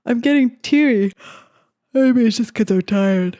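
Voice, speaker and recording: A young woman with a slightly high, dark-toned voice speaks slowly in a dry recording as she makes a beat on camera in her home studio. She chats and giggles, talking both to herself and to her viewers.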